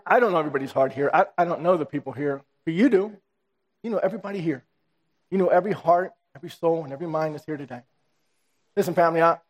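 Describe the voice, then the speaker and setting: A man preaching a sermon and telling a personal testimony, acting out the dialogue animatedly in a church. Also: fairly high pitch. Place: church sanctuary. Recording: reverberant hall.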